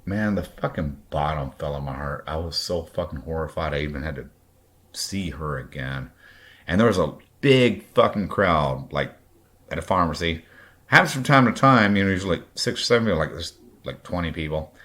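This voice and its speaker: A man in his late forties from Kentucky speaks in a very deep, low voice. He tells his story bluntly, with raw, heavy profanity. It is a personal podcast monologue with a drinking edge. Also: lively intonation, normal speed, a bit bright. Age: late 40s. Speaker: podcast host.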